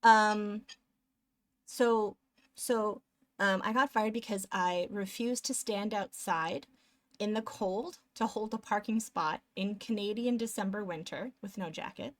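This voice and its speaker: A woman's voice: mid-range voice, measured pace, no echo. Woman, young adult, live streamer, rambling casual chat, eating on stream, dry sound. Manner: rambling and chatty, eating between sentences.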